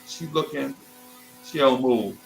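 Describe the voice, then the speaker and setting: Soft music plays faintly behind a slow, medium-pitched male voice with vocal fry, and the audio is poor. The speaker, a show host in his fifties, meanders through a childhood story casually, animatedly voicing other people's quoted lines amid restarts and asides.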